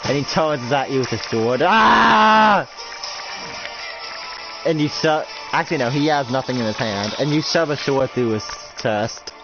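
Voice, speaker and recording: A man's voice: medium pitch, brisk, few pauses. A man improvising roleplay narration, rambling and full of filler, over dull lo-fi audio with music behind. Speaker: roleplay storyteller.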